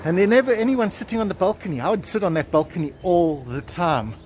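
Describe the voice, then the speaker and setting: Chatty guy walking and vlogging outside, kinda high voice, cars going by. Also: quick pace, darkish tone. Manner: chatty, rambling asides. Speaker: travel vlogger. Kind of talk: casual walking vlog and storytelling. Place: town street outdoors. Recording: outdoor street with passing cars. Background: traffic.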